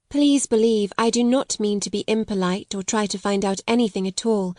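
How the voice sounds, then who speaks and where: A woman reading an audiobook, voicing an earnest, gentle and polite young girl who speaks eagerly and tenderly. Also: on the high side, no room sound, studio quality, natural voice.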